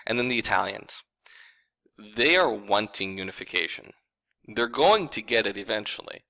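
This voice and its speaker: Man, history teacher, low-pitched, informal lecture delivery. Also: animated, normal speed, vocal fry, bright, forceful tone, low-quality recording. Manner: conversational, informal, addresses viewers as folks. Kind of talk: casual recorded lecture.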